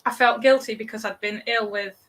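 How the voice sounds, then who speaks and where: A British woman in her thirties, a parenting coach chatting as a guest, talking in halting bursts with many restarts. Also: fairly high pitch, fairly even intonation, a bit bright. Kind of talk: casual podcast interview.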